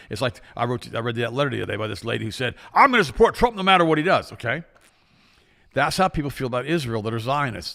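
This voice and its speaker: A man's voice: mid-range voice, creaky, fairly bright tone, in a large hall. A man co-hosting a talk show, speaking in an emphatic, impassioned way and often repeating himself. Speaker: co-host. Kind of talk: casual talk-show commentary.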